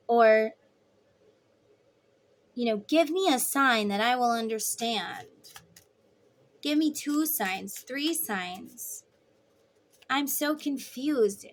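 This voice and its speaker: Chatty tarot-reading woman, fairly high voice. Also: fairly bright tone. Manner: chatty and rambling, many "like"s. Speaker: tarot reader. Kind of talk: casual psychic reading vlog.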